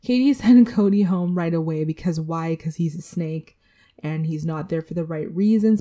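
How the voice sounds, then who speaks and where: Dark-voiced chatty woman podcaster. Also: low voice, normal speed. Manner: chatty, candid, with swearing and self-aside. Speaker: podcast host. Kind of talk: casual solo podcast recap.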